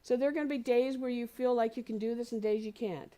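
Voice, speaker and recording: A woman minister giving a sermon, gentle and encouraging, slowly repeating phrases for emphasis. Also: fairly high pitch, steady tone. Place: spiritual community center.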